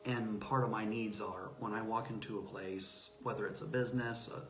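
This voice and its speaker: A man speaking as an interview guest about self-advocacy, telling stories with lively acted-out quotes. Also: lowish voice, moderate pace, faint music behind. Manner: animated storyteller acting out quoted voices. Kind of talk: casual interview talk. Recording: roomy echo.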